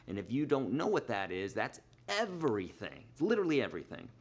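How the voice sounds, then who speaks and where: Casting: middle-aged male guitar teacher, mid-pitched voice, chatty, explains patiently with homely examples. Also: wildly swooping pitch, fairly quick. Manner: chatty, explains with everyday examples, counts beats aloud. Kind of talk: live online guitar lesson. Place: Nashville.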